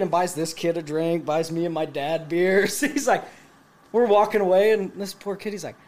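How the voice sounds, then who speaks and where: A man in his late twenties telling a profane story to friends, animated and laughing as he goes. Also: sits high, brisk. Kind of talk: casual storytelling among friends.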